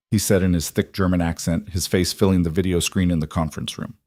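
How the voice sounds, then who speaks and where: A man reading a scripted story in a steady, even narration. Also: low-pitched, brisk, no room sound, clean studio sound.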